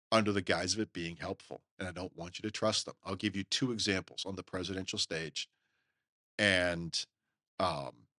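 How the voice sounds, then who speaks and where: A middle-aged man hosting a podcast, talking in an emphatic, folksy, opinionated way and mimicking others in quick asides. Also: on the low side, fairly bright tone, no echo, studio quality. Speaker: podcast host. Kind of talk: opinionated solo podcast talk.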